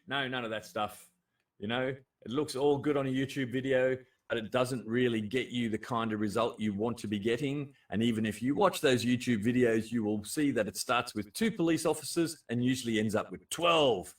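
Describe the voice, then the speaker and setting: An Australian man hosting a casual livestream chat, blunt and animated, swearing freely and laughing often. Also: medium pitch, normal speed, recorded from a distance. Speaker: livestream host.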